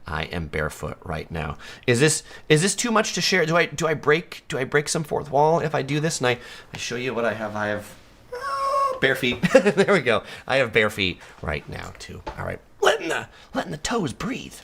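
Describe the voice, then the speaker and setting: A man's voice: medium pitch, big pitch swings, fairly quick, fairly bright tone, slight background noise. A man from San Diego hosting a live stream, chatting easily and laughing often as he reads viewer comments. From United States (San Diego).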